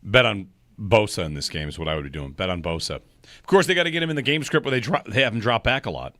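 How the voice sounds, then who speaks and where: A man hosts a sports talk radio show. He talks with lively, animated ups and downs in pitch and a bright tone. His voice is close and dry, like a studio mic. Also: fast, no echo. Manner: lively, reads station promos and call-in number.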